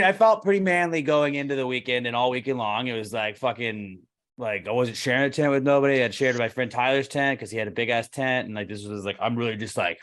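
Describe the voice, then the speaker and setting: A young man co-hosting a podcast, telling animated stories with plenty of swearing. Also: medium pitch. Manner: animated storyteller, swears freely, acts out quoted exchanges. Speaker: podcast co-host. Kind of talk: casual podcast banter.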